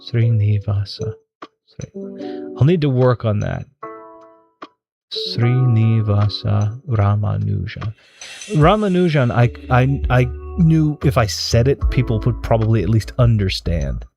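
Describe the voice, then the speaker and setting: A man's voice: mid-range voice, lively intonation, moderate pace, hardly any pauses. A man hosting a live stream in casual chat, rambling and hesitant, often restarting and correcting himself. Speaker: streamer host. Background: background music.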